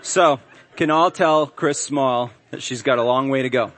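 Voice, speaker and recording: A man's voice: mid-range voice, normal speed, a bit bright, a little hiss or hum. A middle-aged man, a pastor, preaching a sermon in a church in a conversational, humorous storytelling way. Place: church sanctuary.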